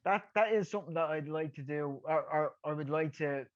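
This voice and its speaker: Irish man, middle-aged, rambling storyteller, slightly high voice, lo-fi muffled recording. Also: a little fast. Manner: rambling, repeats words, laughs at his own stories. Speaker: guest, former boxer. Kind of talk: casual storytelling.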